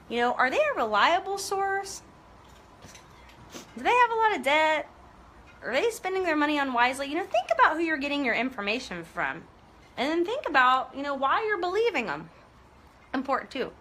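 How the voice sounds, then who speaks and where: A woman with a bright, fairly high voice talks straight to her viewers in a casual live video. She is earnest and motivational, and she keeps things chatty. A faint hum of noise sits behind her. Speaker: online business coach.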